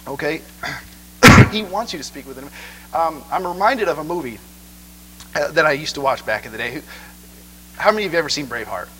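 A man preaching a sermon in an animated way, often checking in with listeners. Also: a little high, a little fast, pauses often, a little hiss or hum, rough recording. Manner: animated, asks the crowd 'okay?' a lot.

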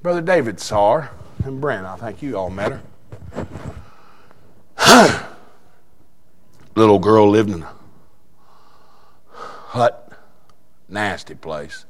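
An older man preaching a sermon, telling a story in a quiet voice that breaks into fervent shouting. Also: fairly low pitch, expressive, very slow, pauses often.

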